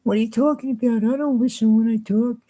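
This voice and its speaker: A man putting on a shrill, whispery voice to mock another man. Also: fairly even intonation, fast talker, dark tone. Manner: whispery, mocking.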